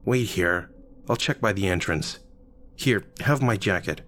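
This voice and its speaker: A man voicing a caring young friend who talks in a brisk, direct way. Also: sits low, animated, a bit bright, slight background noise. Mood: steady.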